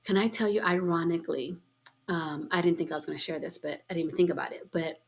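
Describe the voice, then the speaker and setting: A middle-aged woman hosting a podcast, telling a personal story in an expressive, heartfelt, chatty way with frequent exclamations. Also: lowish voice, fast, creaky. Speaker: podcast host. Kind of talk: heartfelt casual conversation.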